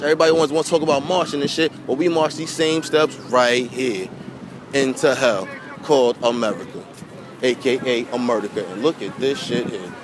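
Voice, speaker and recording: Outdoors by a pier, a man with a mid-range voice delivers a heartfelt, impassioned vlog monologue to camera at a moderate pace. Preachy and repetitive, he swears and calls his viewers family, with wind and water audible around him.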